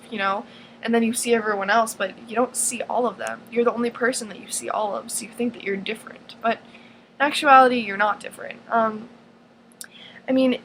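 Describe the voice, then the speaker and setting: A woman's voice: fairly high pitch, fairly bright tone, a little hiss or hum, low-quality recording. A teenage girl in her own advice vlog, talking earnestly and rambling, with lots of fillers and restarts. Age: teens. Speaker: vlogger.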